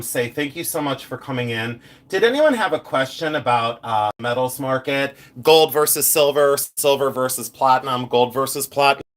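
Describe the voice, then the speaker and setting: A man's voice: a little high, fairly bright tone. A middle-aged man chatting casually to viewers on a live stream as a jewelry reseller, playful and scattered, laughing often and breaking off mid-sentence.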